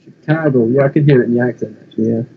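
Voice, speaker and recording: A man's voice: medium pitch, fairly even intonation, racing, slightly rough, phone-quality sound. A man from England with a London accent, laid-back and casually swearing in a chat. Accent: London English.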